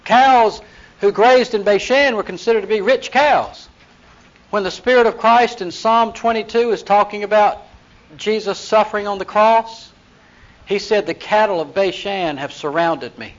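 High-voiced man teaching Bible class. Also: moderate pace. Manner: retells scripture in lively acted voices, asks the class questions. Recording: dull lo-fi recording.

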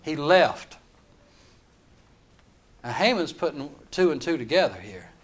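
A man preaching a sermon, retelling a story in an animated, dramatic way. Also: on the high side, unhurried.

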